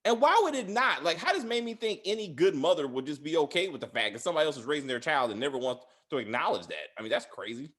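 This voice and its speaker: A man talks casually as a podcast host, his pitch swinging up and down in a lively way. He rambles, stumbles over his words and fills gaps with lots of ums and uhs. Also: fast, few pauses, husky. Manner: rambling, many fillers and restarts; laughs loudly and high. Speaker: podcast host reviewing a TV series. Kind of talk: casual chat.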